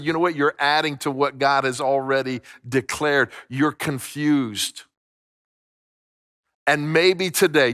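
A man's voice: on the high side, a bit bright, no echo, studio quality. A middle-aged man preaching a sermon as pastor, emphatic, repeating phrases and restarting words. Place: church sanctuary.

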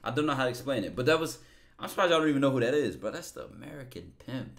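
Man streamer, lively and emphatic, riffing to chat between clips. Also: medium pitch, very fast. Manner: emphatic, repeats himself, talks to chat. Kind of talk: casual reaction chat.

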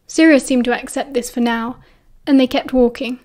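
A woman with a British accent narrating an audiobook in a calm, even storytelling manner. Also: high-pitched, moderate pace.

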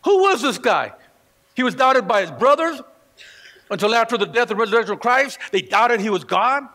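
A man's voice: very high-pitched, sing-song, moderate pace, bright, forceful tone. A man preaching a sermon as pastor, telling stories and acting out the voices of the people in them. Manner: storytelling preacher who acts out quoted voices. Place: church sanctuary. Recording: long reverb of a church hall.

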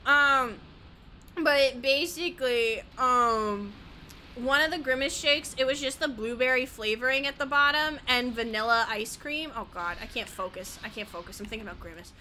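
A woman's voice: high-pitched, normal speed, sharp tone, slight background noise. A woman gaming streamer chatting casually while she plays, rambling, giggly, easily sidetracked and swearing a lot.

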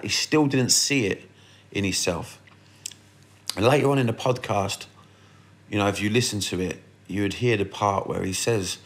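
Male podcast host, lowish voice, casual, blunt and sweary with rambling restarts. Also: a bit bright. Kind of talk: casual storytelling monologue.

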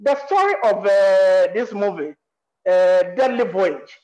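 A screenwriter with a Ghanaian accent speaks on a panel discussion. The voice sits at a middle pitch and swings up and down a great deal. The delivery is emphatic, with rhetorical questions thrown at the listeners. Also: expressive, takes it slowly, a little mellow, muffled recording.

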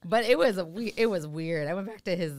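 A woman's voice: lowish voice, fairly quick, dry recording. A woman in her thirties, a comedian guest, telling stories in casual podcast chat and acting out the voices of people she quotes. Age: 30s. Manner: animated, acts out quoted voices.

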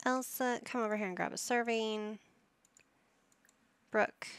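A woman's voice: fairly high pitch, fairly even intonation, unhurried, clear, resonant tone, no room sound. A woman giving casual commentary while playing a life-sim game, coaxing and scolding her characters like a playful parent. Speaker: gaming YouTuber.

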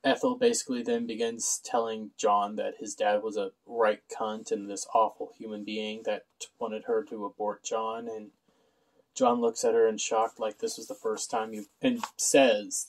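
A man's voice: fairly low pitch, flat delivery, normal speed, poor audio. A man casually recapping a TV episode with sarcastic asides and frequent fillers. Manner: sarcastic, offhand, many "uh" fillers. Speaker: show reviewer.

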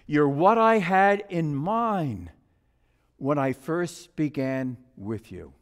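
A preacher voicing a patient, firm master potter. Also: male voice, extremely high pitch, animated, clean tone. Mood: explaining. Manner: slow, gentle, explaining. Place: church sanctuary. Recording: long church reverb.

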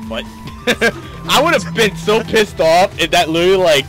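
A young man hosting a gaming video, excitable, laughing and swearing at the game while he plays. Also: sits high, moderate pace, music in the background. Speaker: gaming channel host. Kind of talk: casual gameplay commentary.

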